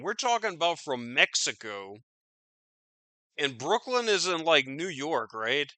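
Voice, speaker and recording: A man's voice: a little high, very animated, measured pace, pushed and bright, dry recording. A man hosting a podcast, riffing on news in a profane, rambling, incredulous way. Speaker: podcast host. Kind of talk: casual news commentary.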